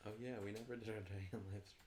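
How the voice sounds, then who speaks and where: A lower-pitched man talking casually and dropping in dry, joking asides. The room is echoey, with faint background noise. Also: fairly even intonation, fast talker, darkish tone. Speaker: livestream co-host. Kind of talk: casual livestream chat.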